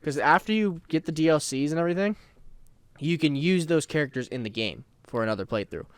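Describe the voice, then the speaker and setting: Young male co-host, smooth clear voice, dry close sound, laid-back chat. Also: fairly high pitch, a little fast, no room sound. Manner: relaxed, restarts sentences. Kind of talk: casual chat about games.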